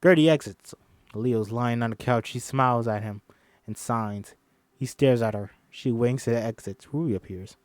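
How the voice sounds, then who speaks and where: A man reading a film script aloud in a casual way, with lively, self-deprecating asides. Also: mid-range voice, a little slow, no echo, clean studio sound. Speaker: script reader.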